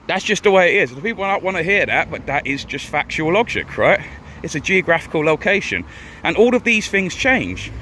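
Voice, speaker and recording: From inside a van, a live streamer delivers a casual monologue in a fairly bright, higher-pitched voice. He's blunt and argumentative, often tacking "right?" onto his points.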